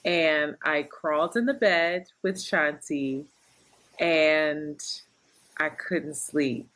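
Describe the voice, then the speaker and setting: A woman's voice: low-pitched, extremely slow, a bit bright. Laughing woman telling a story. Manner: laughing storyteller, acts out quotes. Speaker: podcast co-host. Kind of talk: casual podcast chat.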